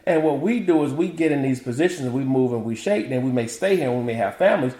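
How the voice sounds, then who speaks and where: A middle-aged man from the American South, an author and motivational speaker, talks fast in a medium-pitched voice as a guest on a casual interview. He's animated, telling stories, acting out family quotes, and laughing often, all in an echoey room.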